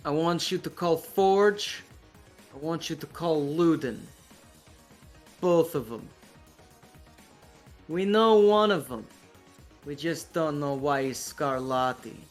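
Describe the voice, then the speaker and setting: A narrator putting on a big, gruff Russian gang enforcer. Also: mid-range voice, slow, pauses often, faint music behind, natural voice. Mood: commanding.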